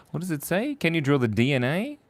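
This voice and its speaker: A man's voice: on the high side, creaky, background noise. A man hosting a live drawing stream, chatting with viewers in a playful, silly way. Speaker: online drawing show host.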